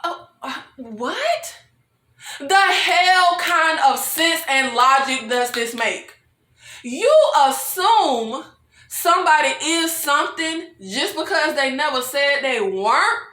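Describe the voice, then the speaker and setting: A woman vlogger recaps a TV episode in a casual, exasperated rant, calling viewers "y'all" and swearing and laughing between lines. Her high voice is animated, slow and sharp. The room is echoey.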